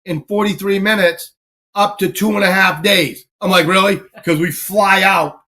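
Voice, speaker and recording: Podcast host, man with a high voice, animated, swearing storyteller who acts out the quotes. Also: moderate pace. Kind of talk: casual chat.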